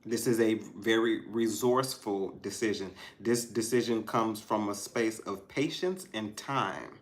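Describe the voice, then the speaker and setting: A tarot reader gives his viewers a casual reading, thinking aloud and speaking straight to them in a musing way, with stops, restarts and soft laughs. His pitch is fairly low and his pace measured.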